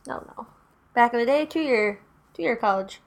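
A woman's voice: on the high side, expressive, unhurried. A young woman in casual chat about horror films, dry and matter-of-fact.

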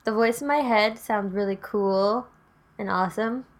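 A woman's voice: mid-range voice, normal speed. A woman co-hosting a casual podcast chat, joking dryly with sarcastic asides, a little tipsy. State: tipsy from drinking. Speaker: podcast co-host. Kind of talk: casual chat about a horror movie.

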